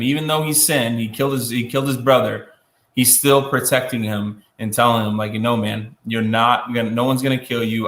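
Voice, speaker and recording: A man teaching a Bible lesson in a casual, conversational way, with many fillers and restarts and quick acted-out quotes. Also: mid-range voice, a bit bright, reverberant.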